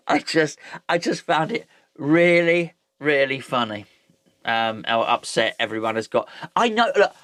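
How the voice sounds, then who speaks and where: A man's voice: on the high side, bright, forceful tone, no room sound. A man hosting a fan channel, talking football in a rambling, jokey way that keeps correcting itself. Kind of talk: casual football chat.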